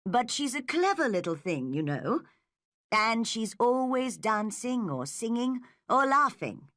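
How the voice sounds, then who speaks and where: Woman doing a calm, firm middle-aged guardian. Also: fairly high pitch, a little slow, no echo, studio quality, voice pushed up. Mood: firm, gentle.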